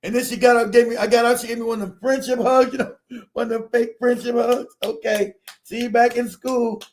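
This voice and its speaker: A middle-aged man telling a personal story in a casual, profane, animated way, acting out quotes and laughing often. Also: extremely high pitch, fast, slight background noise.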